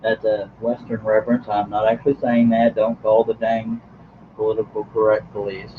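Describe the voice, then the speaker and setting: A folksy, joking man, hosting a casual live stream and chatting to his viewers. His voice sits low. The recording sounds a little dull, with faint background noise. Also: little pitch movement, moderate pace. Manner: folksy, joking, chuckles often.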